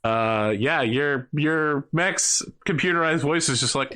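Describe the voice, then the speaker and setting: A man's voice: fairly high pitch, slow, pushed and bright, smooth. Guy running a tabletop mech game, wry narrator voice. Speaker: game master.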